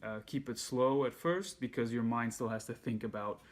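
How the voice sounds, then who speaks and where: A man giving a handpan lesson, calmly explaining and counting beats aloud. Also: medium pitch, moderate pace. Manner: relaxed, patient explaining, counts beats aloud while playing. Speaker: handpan teacher. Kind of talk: music lesson instruction. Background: handpan music.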